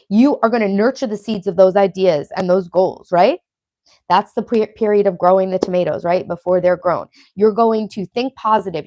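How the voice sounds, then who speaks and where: A woman's voice: mid-range voice, dark tone, no room sound. Chatty Long Island woman livestreaming. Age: 30s. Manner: chatty, profane, reads viewer comments aloud. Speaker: livestream host. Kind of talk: casual live stream chat.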